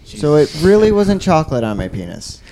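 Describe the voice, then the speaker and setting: A man's voice: fairly high pitch, big pitch swings, brisk, a crowd in the background. A man co-hosting a casual comedy podcast, making crude, playful jokes. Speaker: podcast co-host.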